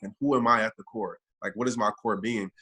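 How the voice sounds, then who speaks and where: A man's voice: lowish voice, fairly even intonation, brisk, sharp tone, breathy edge. A man guesting on a podcast as a motivational speaker, earnest and reflective, speaking from his own experience. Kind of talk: reflective interview talk.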